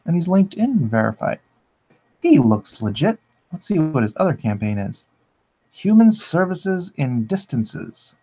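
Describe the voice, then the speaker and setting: A man's voice: on the high side, highs cut off. A man hosting a drawing livestream, chatting casually with viewers and reading the chat aloud with amusement. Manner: relaxed, chatty, reads the chat aloud and laughs at it.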